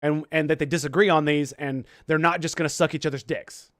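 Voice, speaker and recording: Rambling, profane man, higher voice. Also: fairly even intonation, fairly quick, fairly bright tone, dry recording, clean studio sound. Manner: rambling, profane, many restarts. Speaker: streamer host. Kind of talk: casual political commentary.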